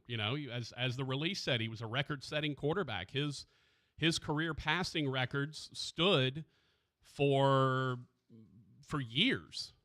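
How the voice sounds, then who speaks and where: A man hosting a sports radio show, talking haltingly and with grief, searching for his words, close to a studio mic. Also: medium pitch, bright, forceful tone. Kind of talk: emotional radio talk. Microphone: studio microphone.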